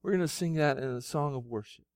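A male pastor delivers a sermon with a fairly high voice, dropping into soft, low storytelling and then climbing into loud, ringing exhortation. The sound is dry and close. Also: quick pace, no echo.

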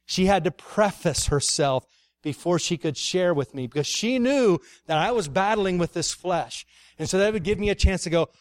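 A man's voice: sits high, a little fast, no room sound, studio quality. A middle-aged man preaching a sermon, telling stories with laughter and ending in an emotional prayer.

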